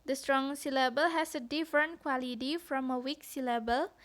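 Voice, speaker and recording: A woman giving a read-aloud lesson on phonetics. She explains carefully and deliberately, sounding out example syllables. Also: high voice, fairly even intonation, fairly bright tone. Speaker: student presenter.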